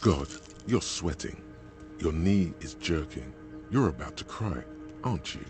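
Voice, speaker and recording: A man doing a deep, slow inner voice. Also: animated, over music. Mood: scolding. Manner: solemn, blunt, scolding. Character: grave inner voice of a detective's mind.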